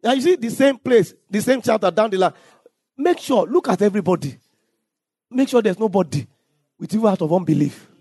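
A male pastor preaching with a very high, lively voice that leaps up and down. He reads scripture slowly and shouts out key lines. The sound is close and dry, with no room around it. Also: slightly rough, dry recording. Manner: preaching with scripture readings, some shouted lines and sung phrases. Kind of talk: sermon.

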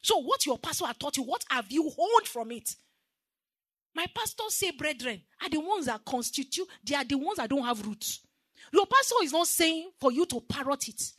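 A woman with a Nigerian accent preaches a sermon in a high, lively voice. Her tone is bright and ringing, and she is recorded dry and close. She drives her points hard and has the congregation answer back. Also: moderate pace, dry recording. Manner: emphatic, call-and-response with the congregation.

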